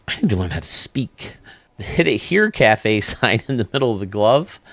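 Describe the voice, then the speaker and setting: A man's voice: on the low side, sing-song, moderate pace, a bit bright, no room sound. A man hosting a video game channel, giving casual, enthusiastic commentary that rambles as he thinks aloud.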